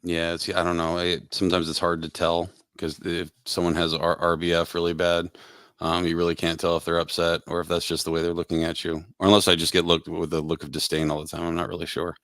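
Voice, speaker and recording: A man's voice: sits low, completely flat delivery, quick pace, fairly bright tone, no room sound, clean studio sound. A man hosting a casual podcast chat, joking in crude banter. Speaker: podcast host.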